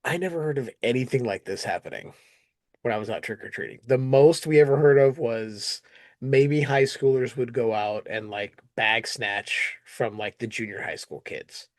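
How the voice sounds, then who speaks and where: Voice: mid-range voice, normal speed, no room sound, studio quality. A podcast host chatting casually, laughing often and acting out characters' lines. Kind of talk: casual chat. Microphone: recorded on camera setup, remote call.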